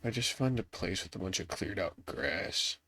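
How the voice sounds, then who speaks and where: Young man, congested, very low voice, gravelly, rambling casual gameplay chat. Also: expressive, moderate pace, pushed and bright, dry recording. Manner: rambling, offhand, self-deprecating. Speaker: gaming youtuber. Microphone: laptop setup.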